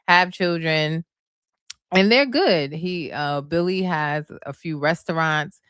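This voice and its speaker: Low-voiced chatty woman recapping reality TV. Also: dry recording, clean studio sound. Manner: chatty, gushing, addresses viewers as y'all and honey. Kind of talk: casual chat.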